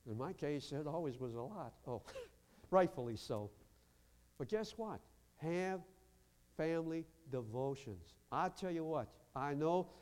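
A man preaching a lively sermon as pastor in a church, acting out quotes and breaking into shouts. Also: fairly high pitch. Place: church sanctuary. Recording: long hall reverb.

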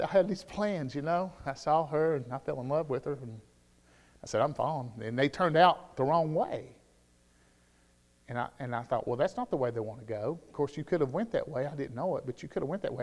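Southern preacher man in a reverberant hall. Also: on the high side. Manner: swings from loud shouted preaching to quiet storytelling. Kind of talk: sermon. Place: church sanctuary. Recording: long reverb of a church hall.

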